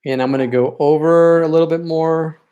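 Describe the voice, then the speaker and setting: A man's voice: fairly high pitch, fairly even intonation, fairly quick, warm tone, clean tone, muffled recording. A man teaching a live-streamed painting lesson, chatty and encouraging as he works, and openly sentimental about his students. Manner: chatty and encouraging, talks while working. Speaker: art teacher leading a paint night.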